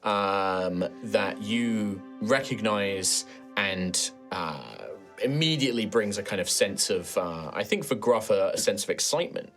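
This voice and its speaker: A man narrating as game master in a relaxed way, with many fillers. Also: fairly low pitch, unhurried, faint music behind.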